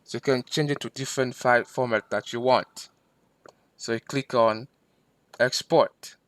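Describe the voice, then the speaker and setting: A man teaching a screen-recorded software lesson, patient and step by step, repeating himself with fillers. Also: mid-range voice, steady tone, moderate pace, no room sound. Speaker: instructor.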